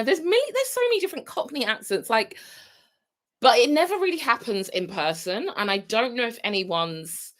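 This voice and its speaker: British woman rambling on a live stream, chatty, voice bouncing all over. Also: mid-range voice. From United Kingdom. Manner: chatty, rambling, wanders off topic. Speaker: vlogger hosting a live stream. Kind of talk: casual chat to viewers.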